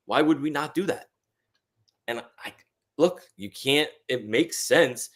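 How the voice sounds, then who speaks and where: A man's voice: mid-range voice, normal speed, fairly bright tone. A man guest in a casual chat over a meal, talking emphatically with swearing and rhetorical asides.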